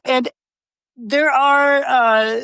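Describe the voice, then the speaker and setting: A man co-hosting a casual movie podcast. He laughs often and acts out quoted lines in animated voices. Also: very high voice, very slow, vocal fry, clean tone, dry recording. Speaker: podcast co-host.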